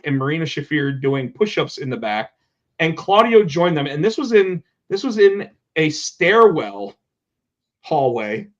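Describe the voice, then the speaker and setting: A man hosting a podcast in casual chat, animated and quick to swear. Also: on the high side. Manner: animated, swears, acts out quotes. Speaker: podcast host. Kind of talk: casual chat about pro wrestling. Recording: dull lo-fi sound.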